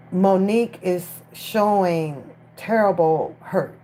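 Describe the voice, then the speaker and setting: Slow-talking woman streaming from her phone. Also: fairly low pitch, darkish tone, a little hiss or hum. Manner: chatty, talks straight to chat viewers. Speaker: livestream commentator. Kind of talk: casual live-stream commentary.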